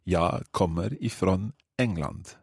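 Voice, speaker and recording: A Scottish man hosting a podcast language lesson, repeating phrases slowly and carefully and laughing easily. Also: low voice, creaky, breathy edge, dry recording, studio quality. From Scotland. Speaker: podcast host and language learner.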